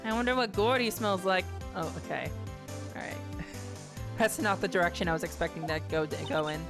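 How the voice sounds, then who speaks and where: A woman's voice: fairly low pitch, a little fast. A young adult woman streaming a game, chatting casually and playfully and reading the dialogue aloud. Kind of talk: casual playthrough commentary. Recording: game music behind.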